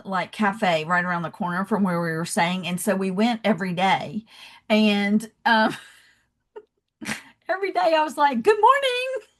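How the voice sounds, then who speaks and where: A woman with a Southern US accent, a podcast guest who tells stories in an animated, chatty way full of "you know" fillers. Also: medium pitch. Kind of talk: casual interview chat.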